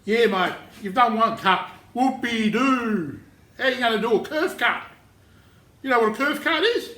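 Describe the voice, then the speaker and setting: A man's voice: extremely high pitch, lively intonation, moderate pace, bright, forceful tone. A man, bantering cockily as a novice woodworker in a workshop shed. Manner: cocky, joking, slangy. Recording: roomy echo.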